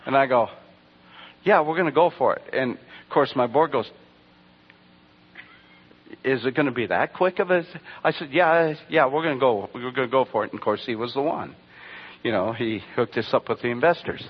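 Husky preacher man, dull recording. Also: mid-range voice, a little fast. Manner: rambling storytelling, rhetorical questions to the congregation. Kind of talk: sermon.

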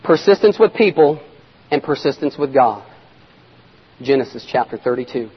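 A man preaching a sermon in a dramatic manner, swinging between loud shouts and near-whispers. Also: medium pitch, animated, normal speed, husky. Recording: echoey hall, dull lo-fi sound.

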